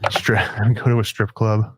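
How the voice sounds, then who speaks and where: Speaking slowly in a husky, level, lowish voice, this guest player in a gaming video jokes around over a voice call as he plays. He's relaxed and keeps calling his friend dude and man, and the recording is studio quality without echo.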